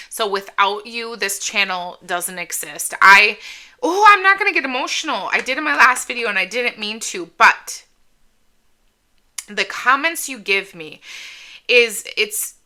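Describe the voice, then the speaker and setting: A middle-aged woman talks casually to her viewers from home, wandering off on tangents and restarting her sentences. Her voice is very bright and sharp, set at an ordinary pitch for a woman. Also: clear, resonant tone. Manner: chatty, rambling, self-interrupting. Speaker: YouTube product reviewer. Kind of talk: casual haul vlog chat.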